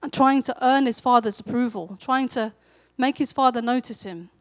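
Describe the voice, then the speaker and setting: A woman with a fairly high voice preaches a sermon in an easy, conversational way. She tells the story as if chatting, and her voice lifts with energy when she acts out a character's lines. The sound is dry and close. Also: moderate pace, no room sound.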